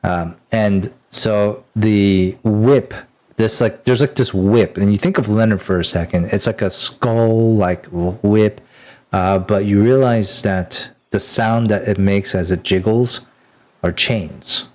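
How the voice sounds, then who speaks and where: A man's voice: on the low side, fairly even intonation, slow, a little mellow. A man narrating as game master in a tabletop game, rambling loosely with many fillers and restarts.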